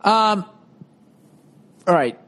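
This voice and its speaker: A man's voice: sits high, lively intonation, drawn-out words, fairly bright tone. A middle-aged man hosting a casual, profanity-heavy monologue, ranting and self-deprecating. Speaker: comedian and podcast host.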